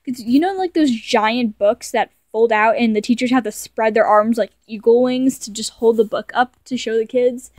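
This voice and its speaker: Young woman, casual self-mocking commentary, stumbling, higher voice, dry close sound. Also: normal speed, hardly any pauses, darkish tone, no room sound. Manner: rambling and self-mocking, stumbles and corrects herself. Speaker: video creator. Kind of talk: casual commentary reading her childhood stories aloud.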